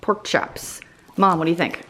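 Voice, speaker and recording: A woman's voice: lowish voice, moderate pace, music in the background. A mom hosting a casual cooking vlog from her home kitchen, chatty and jokey as she walks through family dinners.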